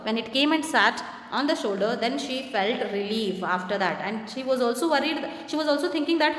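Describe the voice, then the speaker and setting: A woman's voice: medium pitch, moderate pace, hardly any pauses. A woman teaching an English lesson in Indian English, reading a story aloud and explaining it plainly, spelling difficult words letter by letter. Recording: echoey room with long reverb.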